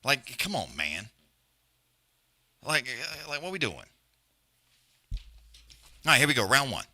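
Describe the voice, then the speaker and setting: Brash, foul-mouthed streamer, bright sharp voice, rambling and repetitive. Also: male voice, medium pitch, sing-song, takes it slowly. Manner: profane, blunt, rambling, repeats himself. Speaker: fight companion stream host. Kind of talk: profane casual rant and live fight commentary.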